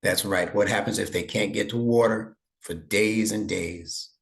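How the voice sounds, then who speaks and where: A man's voice: fairly low pitch, fairly even intonation, a little slow, vocal fry. A man teaching an online lesson over a video call, patient and encouraging, praising his student often. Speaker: instructor.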